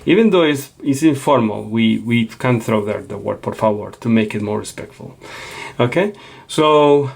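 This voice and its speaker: A man's voice: medium pitch, animated, normal speed, vocal fry, a little mellow, slightly rough. A man teaching a Spanish lesson, explaining patiently and checking in with a frequent "okay?". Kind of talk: classroom lecture.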